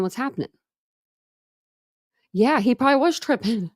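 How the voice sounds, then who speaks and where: A woman's voice: fairly low pitch, moderate pace. A woman hosting a true crime livestream, chatting casually with viewers in a rambling way, full of fillers and restarts, and reading comments from the chat. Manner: reads and answers live chat comments. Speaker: true crime channel host.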